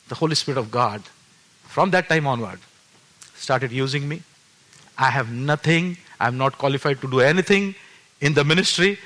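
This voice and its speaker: A man in his fifties preaching his testimony, his voice bright and edged, pitched a little higher than most men. He tells the story earnestly, restarting his phrases and swinging from loud emphatic peaks down to hushed, low passages. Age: 50s. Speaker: pastor. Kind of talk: testimony sermon.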